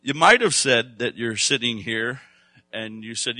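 A man delivering a sermon in a bright, forceful voice. He talks conversationally, then swells into loud, emphatic stretches. The sound is dry and close. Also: medium pitch, a little slow, dry recording. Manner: conversational preaching, rising to loud emphatic bursts. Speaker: pastor.

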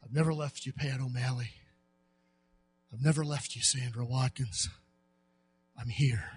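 A man voicing God as a gentle, fatherly male spirit, speaking low and hushed in a sermon. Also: steady tone, a little slow, breathy edge. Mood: tender, hushed. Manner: hushed and tender.

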